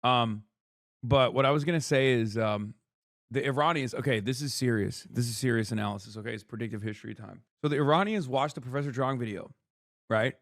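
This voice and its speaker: A man's voice: mid-range voice, dry recording. Sarcastic male streamer, dry sound. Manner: sarcastic, swearing, reads headlines fast. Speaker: political streamer. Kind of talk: casual commentary.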